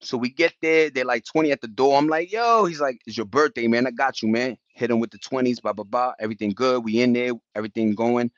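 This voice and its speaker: A middle-aged man tells stories in a loose, slangy way, often leaping up in pitch for impressions and beat sounds. His voice sits in a middle register. The recording is dry and a little dull, with no room sound. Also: fast, hardly any pauses, no room sound. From New York. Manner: animated, slangy, jumps into high-pitched impressions and beatboxing. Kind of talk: casual storytelling chat.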